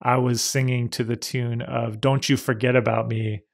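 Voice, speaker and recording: A man's voice: mid-range voice, flat delivery, moderate pace, creaky. A middle-aged man co-hosting a casual podcast, joking and teasing himself with frequent laughs. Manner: joking, self-mocking, laughs often. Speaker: podcast co-host. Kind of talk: casual chat.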